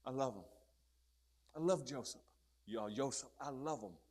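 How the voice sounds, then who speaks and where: A man preaching a fiery sermon, swinging from low murmurs to loud shouted peaks and calling out questions to his listeners. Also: normal speed. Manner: calls out to the crowd with repeated questions.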